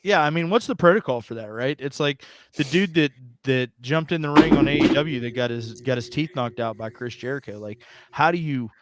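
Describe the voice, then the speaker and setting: A man's voice: medium pitch, fairly quick, hardly any pauses, background noise. A man co-hosting a casual podcast, rambling and sarcastic in his delivery. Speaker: podcast co-host. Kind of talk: casual chat.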